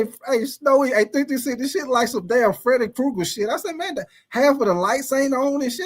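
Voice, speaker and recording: This livestreamer has an extremely high-pitched voice and a brisk delivery. He laughs often and names viewers in his chat as he casually works through an animated, profane story.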